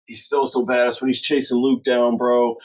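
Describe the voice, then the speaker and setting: A man's voice: mid-range voice, moderate pace, rough recording. A man co-hosting a podcast, reviewing a film in casual chat, swearing a lot, laughing often and acting out characters. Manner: profane, animated, laughs often, acts out characters. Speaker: podcast co-host.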